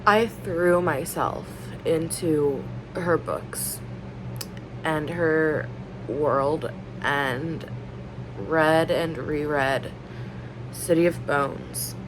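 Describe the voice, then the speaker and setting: Speaking low and drawing out her words, a woman in her thirties talks on her book vlog with a lot of background noise. She's earnest and emotionally open, wandering from point to point with many "likes" and "ums."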